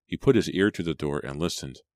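An audiobook narrator reads a horror novel in scripted, measured storytelling fashion, his voice very deep, low and somewhat dark. The recording is dry and close, with no room sound at all.

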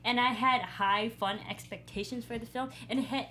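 A woman's voice: fairly high pitch, steady tone, moderate pace, sharp tone. Brief: enthusiastic female panelist, faint noise behind. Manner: enthusiastic, gushing. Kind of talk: casual panel film review.

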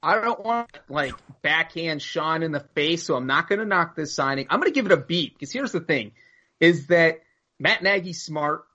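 A man's voice: on the high side, lively intonation, bright, forceful tone. A man co-hosting a sports podcast, casually breaking down signings with lots of numbers. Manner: stat-heavy, fast analysis. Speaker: podcast co-host. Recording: dull, lo-fi audio.

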